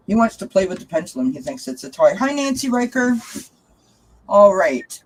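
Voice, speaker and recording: A woman's voice: mid-range voice, lively intonation, fast, breathy edge, rough recording. Bubbly woman hosting a live tarot stream. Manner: chatty, bubbly, laughs often, coos to her cat. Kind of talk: casual live-stream chat.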